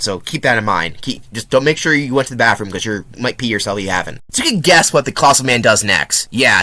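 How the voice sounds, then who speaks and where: A man's voice: medium pitch, sharp tone. A young man giving a casual, sarcastic and profane movie review. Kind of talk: casual film review commentary.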